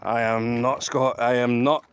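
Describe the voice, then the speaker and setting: A man's voice: medium pitch, flat delivery, a little slow, clean tone, no echo. A Scottish man chatting casually to viewers on a live stream by a railway line outdoors, rambling and emphatic and repeating himself, into a handheld camera. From Scotland. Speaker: trainspotting livestreamer.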